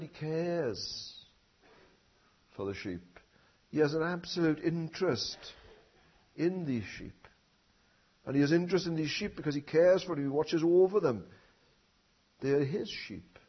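A man preaching a sermon, often tagging his points with questions and building up to loud emphatic phrases. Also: on the high side, expressive, unhurried, pauses often, husky, highs cut off. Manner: rhetorical tag questions, swelling emphasis.

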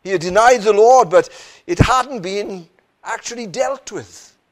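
A man's voice: sits high, unhurried. A man preaching a sermon in an earnest manner, often asking the listeners rhetorical questions. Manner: earnest, rhetorical questions, frequent "you know" and "isn't it".

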